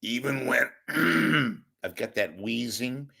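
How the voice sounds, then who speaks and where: A hoarse, congested man with a crackling voice, hosting his own show in a rambling comic monologue, joking at his own expense and swinging from loud to hushed. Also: medium pitch, animated, slow pace. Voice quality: gravelly, crackling. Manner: wisecracking, self-deprecating, swings from loud to hushed. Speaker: podcast host asking for donations.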